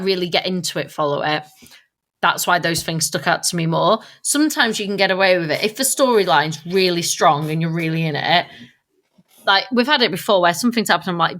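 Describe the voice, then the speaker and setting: A woman's voice: fairly low pitch, moderate pace, fairly bright tone. A woman co-hosting a podcast in casual chat, thinking aloud with lots of fillers and restarts. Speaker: podcast co-host.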